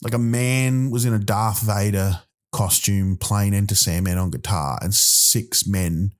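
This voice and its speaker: A man's voice: lowish voice, steady tone, unhurried. A man, a comedian hosting a podcast, delivering a rambling comic monologue full of profane, exasperated rants.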